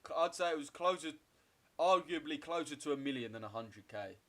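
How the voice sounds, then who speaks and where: A man's voice: fairly high pitch, lively intonation, brisk, fairly bright tone. A man, chatting loosely and profanely with viewers during a livestream trading session. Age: 20s. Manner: loose, profane banter, answering viewers' chat. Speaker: trading streamer. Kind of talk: casual livestream chat while trading.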